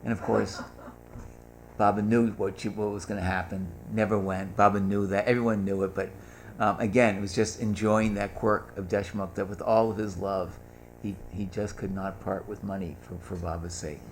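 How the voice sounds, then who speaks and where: A man's voice: on the low side, level tone, normal speed, slight background noise. An older man telling humorous anecdotes at a gathering, acting out the voices of the people he quotes. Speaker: speaker at a gathering. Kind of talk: storytelling talk.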